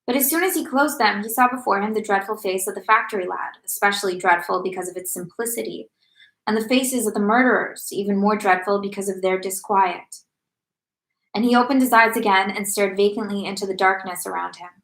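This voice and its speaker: A woman reading a classic novel aloud at a steady, measured pace. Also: mid-range voice. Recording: echoey room.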